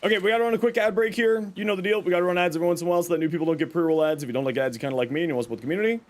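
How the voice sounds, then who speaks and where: Male game streamer, casual chatty commentary, light higher voice. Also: rapid-fire. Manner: chatty, explains game tips to chat.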